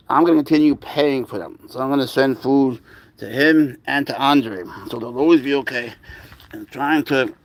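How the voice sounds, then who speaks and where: A livestream host with a medium-pitched voice chats casually with viewers about plans. Now and then he coos softly to cats in a baby voice.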